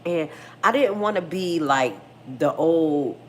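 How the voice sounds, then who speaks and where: Blunt, profane woman with a low voice. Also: slow pace, slight background noise. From United States. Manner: blunt, profane, animated storytelling. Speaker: livestream host. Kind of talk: casual livestream chat.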